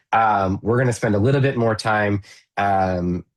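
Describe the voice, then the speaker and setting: Deep-voiced man on a training call. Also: a little slow. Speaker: co-presenter on an online training call. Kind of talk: presentation on a video call.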